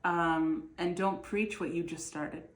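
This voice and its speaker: A woman with a somewhat low voice talks viewers through a tarot reading in a casual, rambling way, full of fillers and restarts. She has a slight cough. The sound is roomy and echoey. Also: slow pace. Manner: relaxed, chatty, many fillers and restarts. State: bit of a cough and hiccups. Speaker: tarot reader. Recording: echoey room.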